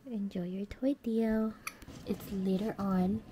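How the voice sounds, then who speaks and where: A woman talks through a casual home vlog at a middle pitch, easygoing and chatty, sometimes sinking into a near-whisper. A clear hiss of background noise sits under the recording. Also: steady tone, unhurried, mellow. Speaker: vlogger.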